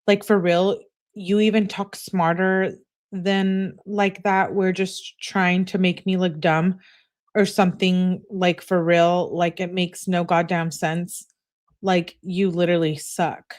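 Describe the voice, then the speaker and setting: A woman's voice: fairly low pitch, level tone, takes it slowly, a little mellow. A woman reading aloud the angry, insulting text messages of a bossy young woman to her boyfriend. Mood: scolding. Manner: scolding, insulting.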